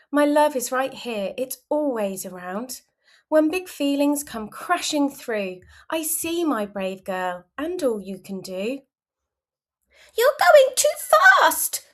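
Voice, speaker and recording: Woman, children's read-aloud, gentle sing-song rhymes, lively rising and falling pitch, unhurried. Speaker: storybook reader.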